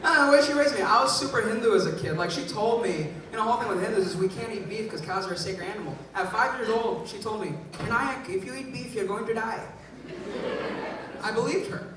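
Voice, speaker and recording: A man's voice: high-pitched, quick pace, hardly any pauses, a crowd in the background. Man doing stand-up in an echoey hall. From Bay Area, California. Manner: storytelling with acted-out quotes and frequent laughs. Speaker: stand-up comedian. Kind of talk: stand-up comedy set. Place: large venue with a live audience. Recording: echoey, distant, noisy live recording.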